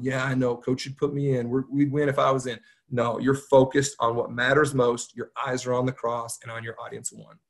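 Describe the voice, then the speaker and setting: A man giving a devotional talk to young athletes, telling stories with energy and shifting volume. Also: medium pitch. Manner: energetic storytelling, varies loudness. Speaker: guest speaker.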